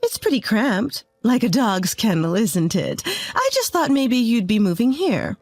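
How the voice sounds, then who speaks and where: A woman voicing a spiteful, bossy mother-in-law near fifty who talks with sharp, dismissive scorn. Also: on the high side, sing-song, measured pace, dry recording, exaggerated voice. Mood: mock-cheerful.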